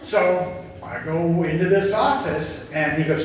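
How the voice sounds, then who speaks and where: An earnest man gives an inspirational talk to a group, telling stories slowly and with emphasis. His voice sits a little high. It echoes heavily around a hall, picked up from a distant mic over faint background noise. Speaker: speaker at a group gathering.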